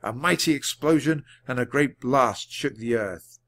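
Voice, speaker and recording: A man reading a children's storybook aloud at a natural, measured pace for learners. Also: mid-range voice, a bit bright. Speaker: audiobook reader. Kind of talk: storybook narration read aloud.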